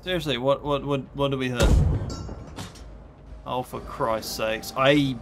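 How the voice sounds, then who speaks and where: A man's voice: medium pitch, steady tone, measured pace. A man hosting a gaming channel, giving sarcastic, exasperated gameplay commentary and swearing at the game. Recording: game music loud behind voice. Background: game music.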